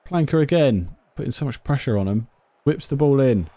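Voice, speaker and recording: Male gamer commentating a football sim, mellow tone, excitable swings. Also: medium pitch, a little fast. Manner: excitable, shouts at the match then drops to quiet musing. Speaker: gaming YouTuber. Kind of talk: casual commentary over a football management game.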